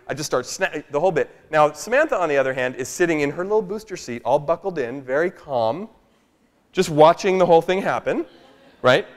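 A man telling a family story to a live workshop audience in an animated, chatty way, often asking "right?". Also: on the high side, quick pace. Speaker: speaker at a workshop. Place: large room with a live audience. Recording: long echo of a large hall.

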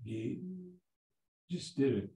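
Older man, Zen teacher, dharma talk, very dark tone, halting storyteller. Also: on the low side, expressive, vocal fry. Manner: halting, repeats words and restarts. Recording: roomy echo.

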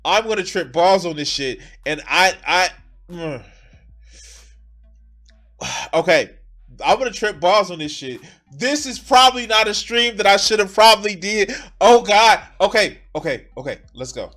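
High-voiced man ranting profanely. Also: animated, measured pace, fairly bright tone. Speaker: streamer. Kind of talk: live reaction commentary.

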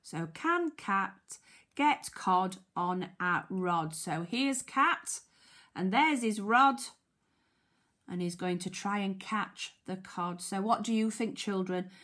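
A woman's voice: mid-range voice, animated, a bit bright. Sing-song British woman teacher reading aloud. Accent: British English. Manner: slow, sing-song, sounds out letters, asks children questions. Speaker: primary school teacher. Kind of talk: reading a picture book to young children.

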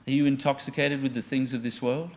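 A man's voice: medium pitch, level tone, quick pace, a little mellow. A male pastor, preaching earnestly and putting questions to his congregation. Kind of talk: sermon.

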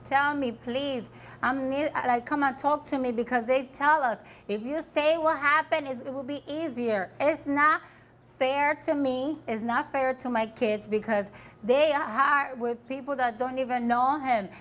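A woman's voice: high voice, a bit bright. A woman speaking as a talk show guest in an after-show interview, distressed, emphatic and repeating herself.

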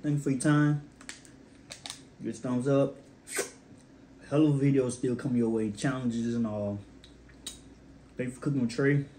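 A man's voice: mid-range voice, fairly even intonation, normal speed, long pauses, warm tone, slight background noise. A young man hosting his own casual cooking vlog, laid-back and talking straight to his viewers while he tastes his food. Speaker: cooking vlogger.

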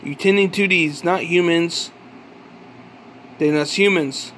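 A man with a notably high speaking voice vents in an accusatory vlog monologue. He fires off profane questions and stumbles into restarts as he goes. A faint background hum sits under his voice. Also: slow, a bit bright. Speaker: vlogger. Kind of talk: angry ranting monologue.

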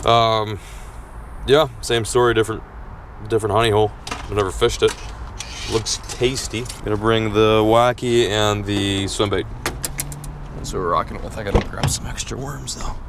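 A young man vlogging a fishing trip in casual chat, who gets loud and excited when fish bite. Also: on the low side, moderate pace, pauses often, noisy background. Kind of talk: casual vlog narration. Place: outdoors at city ponds, later in a car.

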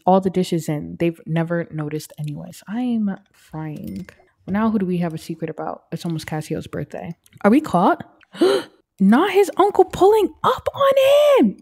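A young woman casually narrating her life-simulation game, chatting and putting quick voices on the characters. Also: lowish voice, mellow. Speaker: let's play gamer. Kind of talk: casual gameplay commentary.

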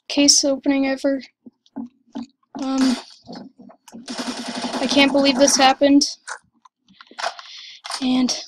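Woman, gamer, high voice, slow, excited exclaiming commentary. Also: background noise. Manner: gushing, breathless exclaiming.

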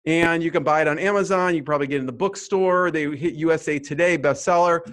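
A man's voice: on the high side, fast talker, a bit bright. A man hosting an interview podcast, talking eagerly and chattily with his guest. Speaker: podcast host.

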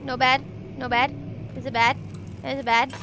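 A jumpy young woman with a high voice gives casual commentary as she plays a horror game. She swears often and talks back to the screen, with clear noise running under the recording. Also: level tone, moderate pace. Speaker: gamer. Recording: noisy recording.

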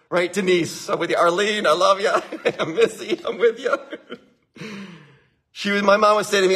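A man's voice: sits high, animated, moderate pace, bright, forceful tone, slightly rough. A man who owns a winery giving an enthusiastic, repetitive motivational talk, laughing often.

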